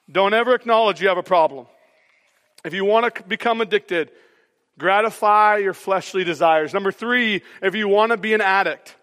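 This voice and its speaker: A man preaches in an energetic, conversational style, checking in with "okay?" and "all right?" after nearly every line. His voice sits very high and sounds bright and forceful. It rings with long reverb, as if filling a large church auditorium. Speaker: pastor. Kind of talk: sermon.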